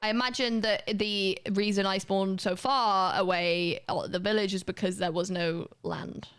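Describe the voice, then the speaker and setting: A woman's voice: medium pitch, fairly even intonation, moderate pace, a bit bright, clean tone. A young woman, chatting casually and swearing now and then while livestreaming a video game to her chat. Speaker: live streamer.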